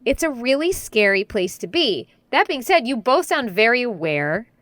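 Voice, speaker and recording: A woman's voice: on the high side, very animated, normal speed, a bit bright, no room sound. A woman co-hosting a podcast, giving earnest relationship advice in a casual chat. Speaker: podcast co-host.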